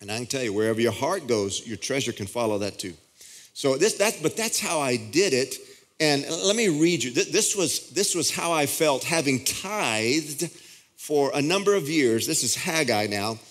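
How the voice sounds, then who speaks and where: A man's voice: mid-range voice, expressive, moderate pace, fairly bright tone. A male pastor preaching a sermon in a conversational way, often restarting his sentences. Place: church auditorium.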